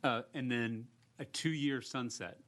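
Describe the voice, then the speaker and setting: A man's voice: mid-range voice, slow, fairly bright tone. A man, a state legislator, making earnest, rhetorical remarks and asking questions at a committee hearing.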